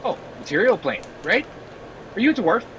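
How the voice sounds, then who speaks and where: A man's voice: high-pitched, big pitch swings, pushed and bright, slight background noise, exaggerated voice, poor audio. A man playing a nosy, pushy demon adventurer who fires off repeated questions. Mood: prying. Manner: rapid-fire repetitive questions.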